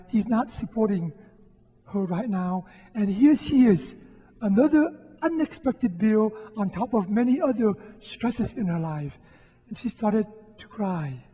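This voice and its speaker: A priest delivers a homily in a soft, husky, mellow voice. He speaks gently and reflectively, pausing often. The sound rings with the long reverb of a church. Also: sits high. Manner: gentle, reflective, with frequent pauses. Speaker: Catholic priest giving a homily. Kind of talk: sermon. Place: church during Mass.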